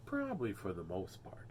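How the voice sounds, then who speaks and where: A man's voice: low-pitched, slight background noise. A man hosting a playful picture-book read-aloud, full of puns and jokey asides. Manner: jokey, punning, animated asides. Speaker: host reading picture books aloud.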